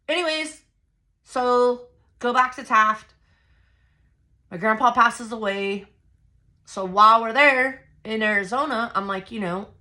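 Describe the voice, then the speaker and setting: A woman vlogger casually telling a family story to her viewers, blunt and profane, with a loud, heated edge as she gets worked up. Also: a little high. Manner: addresses viewers directly, filler-heavy run-on storytelling.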